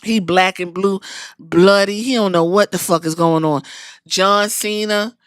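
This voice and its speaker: A woman hosting a podcast, retelling a wrestling show in an animated, profane, casual way. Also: medium pitch, a little slow, clean tone, no echo, studio quality. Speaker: podcast host.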